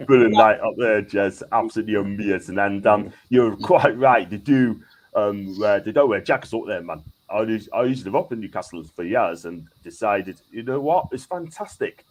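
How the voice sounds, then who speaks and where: Husky low-voiced man in his fifties. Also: moderate pace, rough recording. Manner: agreeable, repeats short remarks. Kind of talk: casual chat.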